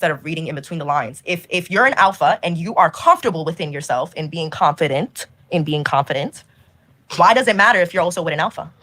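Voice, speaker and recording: A woman's voice: sits low, expressive, pushed and bright. A woman guest arguing insistently in a heated podcast debate, often restarting her words. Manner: fast, insistent, restarts when pressed.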